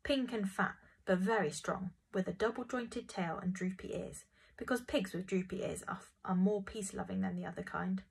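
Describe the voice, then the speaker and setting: A woman narrating a children's storybook in a gentle, expressive reading voice. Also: medium pitch, normal speed, creaky, slightly rough, low-quality recording.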